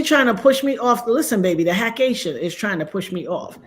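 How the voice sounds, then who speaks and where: A middle-aged woman hosting a casual livestream on a computer microphone, talking in an earnest, preachy way and breaking into sudden high exclamations. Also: expressive, a little fast, hardly any pauses. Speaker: livestream host.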